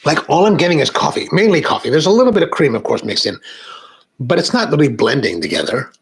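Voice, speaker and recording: A middle-aged American man hosting a coffee video, chatting casually with rambling, animated asides. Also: fairly high pitch, quick pace, husky, low-quality recording. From United States. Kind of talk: casual chat to camera.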